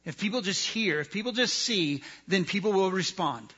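Man, sermon, bright forceful voice, slightly high, emphatic preaching, dull lo-fi sound. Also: animated, normal speed, slightly rough. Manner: earnest, emphatic preaching that rises and drops in volume.

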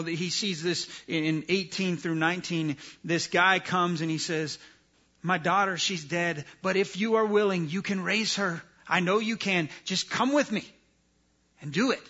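A man preaching a sermon, earnest and emphatic, his voice rising for stress and dropping low and quiet for weight. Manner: earnest, emphatic preaching that rises and drops in volume. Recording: dull lo-fi sound.

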